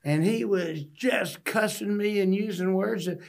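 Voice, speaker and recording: A man's voice: high-pitched, unhurried, creaky. A man from Texas, a podcast guest telling stories in an earnest, folksy way. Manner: earnest, folksy storytelling with restarts. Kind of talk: storytelling interview. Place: podcast studio.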